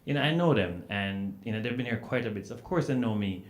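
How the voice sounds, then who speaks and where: A man's voice: lowish voice, fast. Jamaican man telling a story on a panel. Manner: animated storyteller, frequent "you know" fillers. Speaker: panelist author. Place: event hall at a book festival panel. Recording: roomy hall sound with faint noise.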